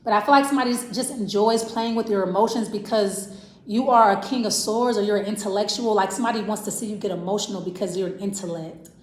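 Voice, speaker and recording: A woman giving a casual, rambling tarot reading. She thinks aloud, restarts her sentences and repeats herself. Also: medium pitch. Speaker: tarot reader. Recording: echoey room.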